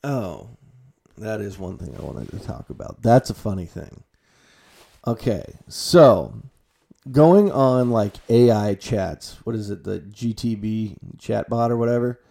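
Relaxed, low-voiced guy rambling casually. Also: measured pace, creaky. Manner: loose and profane, trailing off quietly at ends of phrases; gets loud and high when retelling his own panicked reactions. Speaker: vlogger.

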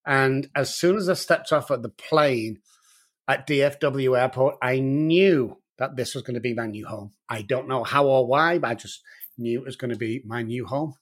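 A man's voice: mid-range voice, moderate pace. Earnest man with Manchester accent. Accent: Manchester English. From Manchester, England. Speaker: addiction doctor, guest. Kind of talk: interview answers.

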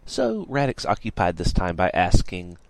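A man reading an audiobook aloud in a playful, expressive way. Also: low voice, normal speed, creaky, no room sound. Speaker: audiobook reader. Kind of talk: audiobook narration.

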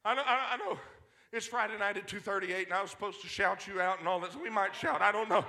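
High, gravelly man shouting a sermon. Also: quick pace, a little hiss or hum. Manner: fiery shouting preaching with many "uh" fillers; swings from loud to hushed. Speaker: preacher. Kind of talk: sermon to a youth service.

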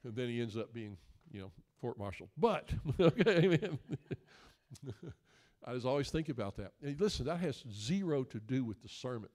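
A man's voice: medium pitch, sing-song, normal speed, darkish tone. A male guest preacher, delivering a folksy, joking sermon that builds into emphatic questions.

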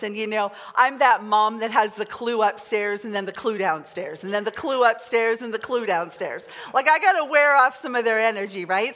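A middle-aged woman pastor preaching a sermon, chatty and excitable, leading the congregation in call-and-response. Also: fairly high pitch. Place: large church hall. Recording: long hall reverb.

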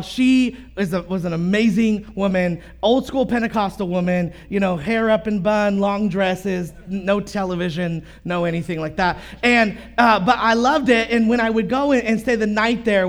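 A male pastor, preaching a sermon and telling stories with many fillers and restarts. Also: high voice.

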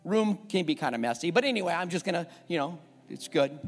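A man in his forties preaching a sermon as a pastor, telling a candid family story, rising when worked up and going soft when reflective. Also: a little high, lively intonation, fast. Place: church sanctuary. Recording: church hall with long reverb and faint music.

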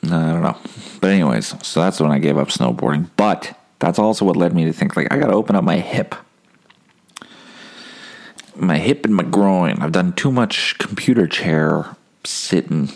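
A man's voice: sits low, expressive, moderate pace, creaky. A man telling a rambling, profane, self-mocking story in a casual monologue as a comedian hosting his own podcast.

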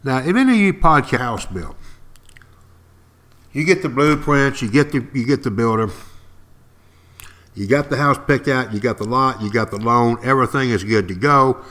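A man's voice: medium pitch, normal speed, long pauses, fairly bright tone. Emphatic older man teaching history. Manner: emphatic, repeats key words, asks listeners questions. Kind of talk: lively classroom-style history talk to podcast listeners.

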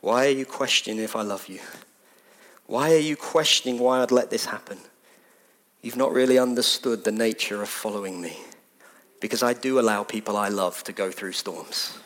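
Man doing calm rebuking teacher, low, quiet, measured, firm. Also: close to an everyday voice. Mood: stern.

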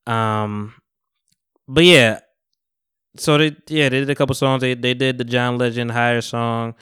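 A man's voice: mid-range voice, steady tone, a little slow, fairly bright tone, clear, resonant tone, no echo, clean studio sound. A young man hosting a podcast, talking in a loose, rambling way with plenty of slang and cursing. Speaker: podcast host. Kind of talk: casual chat.

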